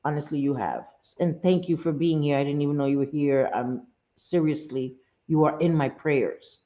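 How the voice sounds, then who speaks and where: A woman's voice: low voice, normal speed, dark tone, highs cut off. A woman hosting a casual livestream, talking straight to her viewers, often repeating herself and saying "um". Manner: repeats phrases, many "um" fillers, speaks straight to viewers. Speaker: livestream host.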